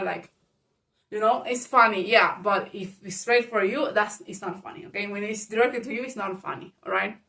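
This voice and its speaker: A woman's voice: medium pitch, fairly bright tone, distant mic. A woman giving casual spoken advice to viewers, frank and chatty, laughing often, swearing and calling the listener baby. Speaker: advice vlogger.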